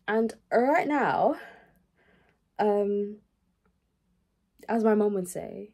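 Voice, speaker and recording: A young woman vlogging at home in small indoor rooms chats casually to the camera, her nose stuffy from a cold. Her medium-pitched voice is slow and a little mellow, with frequent pauses. She rambles on, packing her talk with fillers and "guys."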